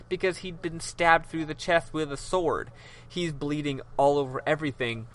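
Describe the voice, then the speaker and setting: A man's voice: on the high side, normal speed, a bit bright. A man hosting a podcast, casually retelling a game's story in loose, profane chat with lots of ums. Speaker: podcast host. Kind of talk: casual game recap chat.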